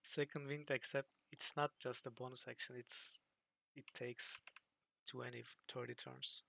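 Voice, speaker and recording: A man's voice: medium pitch, flat delivery, measured pace, creaky, bright, forceful tone. A man casually commenting as he plays a game on a livestream, thinking aloud at a desk mic. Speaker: streamer.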